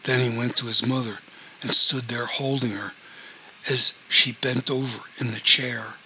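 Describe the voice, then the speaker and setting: A man's voice: mid-range voice, fairly even intonation, a little slow, bright, forceful tone, slight background noise, low-quality recording. A man narrating a story aloud, reading the characters' dialogue with only mild changes in his voice. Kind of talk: audiobook narration.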